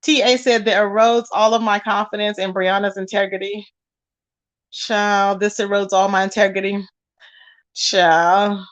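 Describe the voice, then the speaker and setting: A woman hosting a casual livestream, reading viewers' comments aloud and reacting with lively exclamations and frequent laughter. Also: medium pitch, unhurried. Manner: animated, laughs often, calls viewers baby and child. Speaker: livestream host reading chat. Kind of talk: casual chat.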